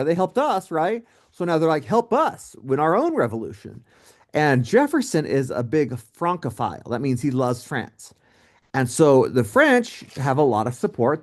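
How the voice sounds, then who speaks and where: A male teacher talks through a recorded history lecture in a relaxed, joking way. His pitch moves a lot, rising and falling through every sentence. He keeps throwing in asides to his students. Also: moderate pace.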